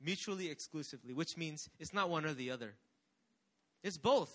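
A man's voice: on the high side, fast talker, a bit bright. A young man preaching a sermon with energy, calling on the congregation to respond. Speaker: pastor.

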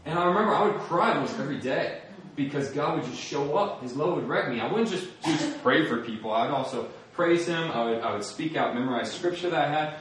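A man's voice: on the high side, lively intonation, brisk, few pauses, fairly bright tone, recorded from a distance. A young man preaching his testimony, earnest and storytelling, acting out his own prayers. He sounds set back from the mic in a very echoey hall. A faint hum of room noise sits underneath. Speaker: speaker giving a testimony. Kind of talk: sermon testimony.

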